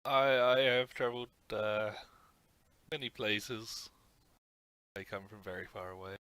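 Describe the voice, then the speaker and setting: A man playing a tabletop game, speaking politely and unhurried. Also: on the low side, sharp tone, smooth. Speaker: player. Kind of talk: casual play at a tabletop game.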